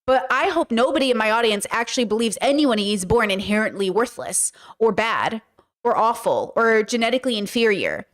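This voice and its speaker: A woman's voice: a little high, expressive, a little fast. A woman hosting a casual commentary, talking in an emphatic, sarcastic way. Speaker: commentary host.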